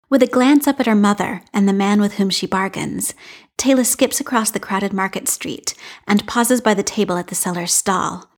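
A woman reading a fan story aloud in a measured, expressive narration. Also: mid-range voice. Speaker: podfic reader.

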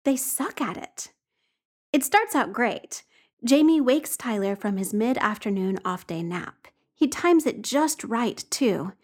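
A woman's voice: on the high side, expressive, takes it slowly. A woman reading a story aloud with wry, conversational narration. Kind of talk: expressive audiobook narration.

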